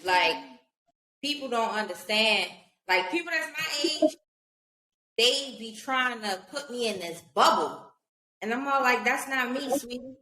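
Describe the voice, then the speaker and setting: A bright, forceful woman from Baltimore hosts a casual podcast, speaking bluntly and with emphasis. The room around her is echoey. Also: on the high side, lively intonation, a little slow, pauses often. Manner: blunt and emphatic, acts out quoted retorts. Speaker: podcast host.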